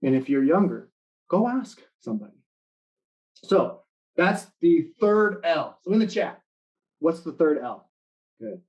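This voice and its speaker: Animated male motivational speaker, higher voice. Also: measured pace, pauses often, muffled recording. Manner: animated storytelling, acting out quoted lines. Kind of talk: motivational talk to students in an online live session.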